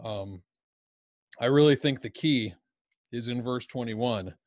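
A man appearing as a podcast guest who speaks in a soft, sincere way during a Bible study conversation. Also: medium pitch, takes it slowly, no echo, clean studio sound. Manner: soft-spoken, sincere, affirming.

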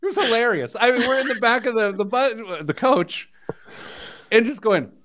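A man hosting a talk show, telling a story with lively energy and playful asides. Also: extremely high pitch, moderate pace. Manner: animated storytelling, mimics voices with laughter. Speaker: podcast host. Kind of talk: casual chat.

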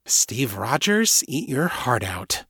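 A man's voice: mid-range voice, sing-song, takes it slowly, creaky, a bit bright, slightly rough, no echo, clean studio sound, exaggerated voice. A man voicing an awkward young man with godlike powers, stammering and apologetic. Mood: wry.

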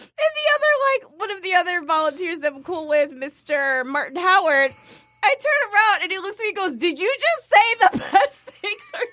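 A woman's voice: very high-pitched, very animated, a little fast, fairly bright tone, dry recording. A woman telling a story in casual chat, acting out each line of dialogue and laughing often.

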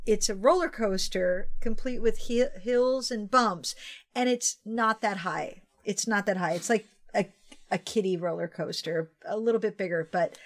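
Brief: American woman, podcast co-host, lively profane storyteller, slightly high voice. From United States. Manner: animated, profane, storytelling rant. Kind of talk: casual chat.

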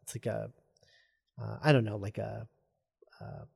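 A man casually retelling a film script as a podcast host, halting with lots of ums and uhs. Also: lowish voice, vocal fry, breathy edge, no echo, studio quality. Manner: halting, full of ums and uhs, reads quoted lines flatly. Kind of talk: casual chat.

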